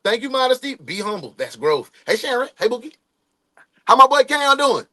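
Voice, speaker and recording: A man's voice: extremely high pitch, big pitch swings, moderate pace, pushed and bright. A man in his forties hosting a casual livestream, greeting viewers by name and giving loose, slangy motivational talk. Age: 40s. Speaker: livestream host.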